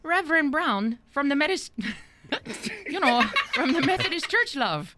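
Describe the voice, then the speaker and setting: A woman's voice: sits high, very animated, unhurried. A woman acting a doting wife whose put-on accent wanders, giggling through a comedy radio skit. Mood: giggly. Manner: giggles through her lines. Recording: hissy old radio broadcast recording.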